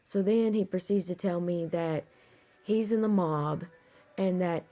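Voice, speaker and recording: A woman's voice: fairly low pitch, measured pace, warm tone. A young woman telling a long personal story to her phone camera, rambling with lots of fillers and "I'm like.". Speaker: vlogger. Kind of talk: casual storytime vlog.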